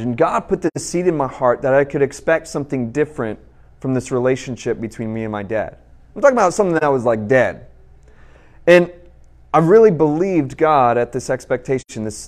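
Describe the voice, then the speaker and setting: A man in his thirties preaches a sermon and tells a personal story in an easy, conversational way. He talks straight to the crowd, and his voice sits a little higher than most men's. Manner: storytelling, conversational, addresses the audience directly.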